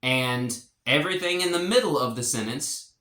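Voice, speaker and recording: A man explaining a language lesson in a relaxed, rambling way, with fillers and restarts. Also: mid-range voice, normal speed, echoey room. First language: English. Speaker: language teacher.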